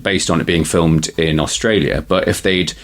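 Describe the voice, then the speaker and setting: Deep-voiced man rambling about films. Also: fairly even intonation, moderate pace. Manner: rambling, many restarts, explains trivia. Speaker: podcast co-host. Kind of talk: casual film podcast chat.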